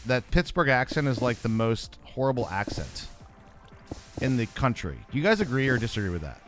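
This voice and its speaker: A man's voice: mid-range voice, sing-song, a little fast, a bit bright. A man from Pennsylvania co-hosting a game stream, laid-back and joking, thanking viewers. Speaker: streamer co-host. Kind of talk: casual gameplay chat. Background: game music.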